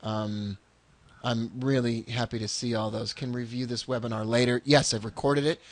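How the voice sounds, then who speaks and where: A man hosting a webinar in casual chat, excitable and repeating words when eager. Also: mid-range voice, dry recording. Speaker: webinar host.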